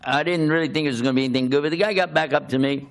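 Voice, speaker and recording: An older man, a preacher, telling a humorous personal story in an animated, self-mocking way, often laughing as he talks. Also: a little high, very fast.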